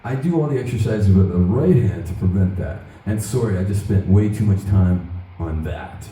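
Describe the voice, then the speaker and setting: A middle-aged man spins loose, animated stories to a crowd, swearing freely. His voice sounds dark and mellow. He is caught from a distance in a big, echoey hall. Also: sits low, moderate pace, slight background noise. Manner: loose, profane, animated anecdotes. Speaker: guitarist giving a workshop. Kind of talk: casual storytelling to an audience. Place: large event hall at a guitar show.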